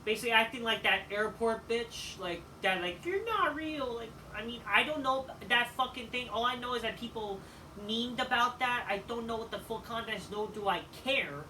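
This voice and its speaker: A man giving a casual, rambling review of a wrestling show, swearing often and filling pauses with "like" and "you know.". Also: extremely high pitch, bright, forceful tone. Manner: profane, rambling, with frequent fillers. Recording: distant mic with faint background noise.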